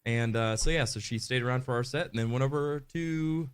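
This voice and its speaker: A man's voice: medium pitch, a little fast, smooth. A man co-hosting a live podcast, chatting casually and reading viewer comments aloud in an upbeat way. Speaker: podcast co-host.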